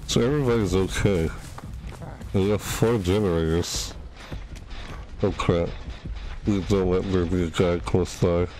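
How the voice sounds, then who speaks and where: Over a noisy background, a low-voiced man who hosts a gaming channel narrates his own gameplay from his home setup. He's chatty and panics easily, muttering to himself as he plays.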